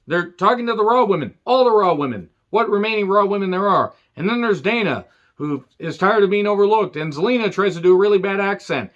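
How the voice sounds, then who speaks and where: A man's voice: on the high side, a bit bright. A man giving a profane, sarcastic rant as he reviews a wrestling show. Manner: angry, sarcastic, swears constantly. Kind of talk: profane ranting commentary. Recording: dull lo-fi sound.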